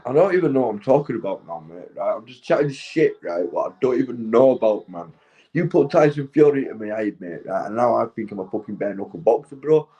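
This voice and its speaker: A Northern English man in his forties, high and rambling as he chats to his stream viewers, swearing and laughing at himself. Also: mellow, dull audio. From England. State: intoxicated. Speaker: livestreamer. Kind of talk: rambling casual chat to viewers.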